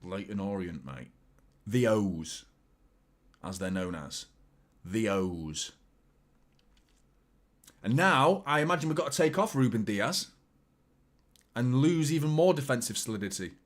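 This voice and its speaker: A man hosting a football watchalong, chatting casually and reacting live to the game, jumping between excited outbursts and low muttered asides. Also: unhurried, pauses often. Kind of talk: live match commentary and chat.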